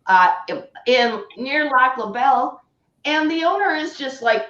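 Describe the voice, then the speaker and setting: A woman's voice: sits high, expressive, unhurried, a bit bright. A woman with an Upper Peninsula Michigan accent, chatting and telling stories casually with a bit of swearing. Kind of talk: casual chat. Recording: roomy, distant, muffled audio.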